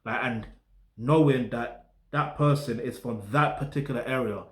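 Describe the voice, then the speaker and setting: A man's voice: mid-range voice, normal speed. Chatty South London man, roomy echo. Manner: rambling, full of slang tags like "get me" and "yeah". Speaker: music reaction host. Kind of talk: casual talk to camera, reviewing music. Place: flat in a residential block.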